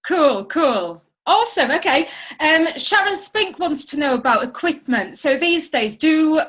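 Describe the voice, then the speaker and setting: A woman's voice: high voice, expressive, measured pace, a bit bright. A woman hosting a podcast interview, putting listener questions to a guest in an upbeat, encouraging way. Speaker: podcast host.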